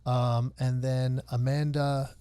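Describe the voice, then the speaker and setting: A man's voice: mid-range voice, level tone, slow, warm tone, clean tone, no room sound. A man in his forties co-hosting a podcast in casual chat, rambling and self-deprecating and often laughing. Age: 40s. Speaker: podcast co-host.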